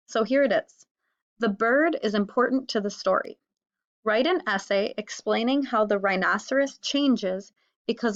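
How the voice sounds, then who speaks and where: A woman's voice: on the high side, unhurried, lo-fi sound. A woman teacher giving a recorded reading lesson, explaining each step patiently and reading a story aloud to her students.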